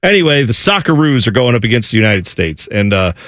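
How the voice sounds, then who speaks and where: Animated man chatting about sports. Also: medium pitch, fast, no room sound. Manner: chatty, explanatory, jokey asides. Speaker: sports talk show host. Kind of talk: casual sports talk chat.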